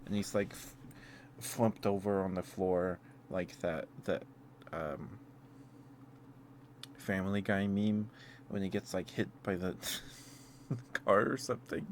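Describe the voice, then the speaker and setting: A man's voice: low voice, fairly even intonation, takes it slowly, long pauses, a little hiss or hum. A young man chatting as an ASMR streamer, rambling with frequent laughs and restarts. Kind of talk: soft-spoken ASMR live stream chat.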